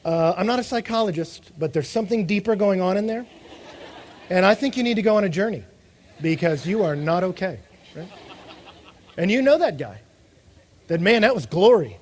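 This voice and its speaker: A man preaching a sermon in an animated way, acting out the voices of the people he quotes. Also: high-pitched, moderate pace, long pauses, slight background noise. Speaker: pastor.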